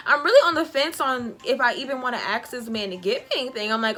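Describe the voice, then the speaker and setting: A woman vlogger retelling a bad date in a casual storytime, animated and sassy, acting out the dialogue. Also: fairly high pitch, fast. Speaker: beauty vlogger.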